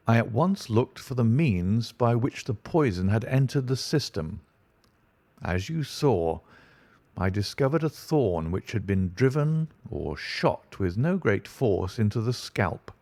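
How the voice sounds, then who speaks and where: A man voicing a cool, analytical detective in an audiobook, speaking in a measured, dry, lecturing way. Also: fairly low pitch, warm tone, no echo. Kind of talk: audiobook reading.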